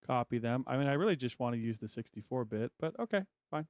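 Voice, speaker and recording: A man talking to himself as he installs music software. He mutters, swears and gets frustrated as it keeps failing. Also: medium pitch, expressive, fast, no echo. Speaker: music producer vlogger. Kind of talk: casual screen-recording chat.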